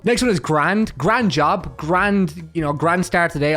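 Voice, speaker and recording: A man's voice: fairly high pitch, a bit bright. Irish man, foul-mouthed and joking. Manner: crude joking, heavy swearing, quick jumps into mock voices. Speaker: comedy vlogger. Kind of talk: comedic slang explainer.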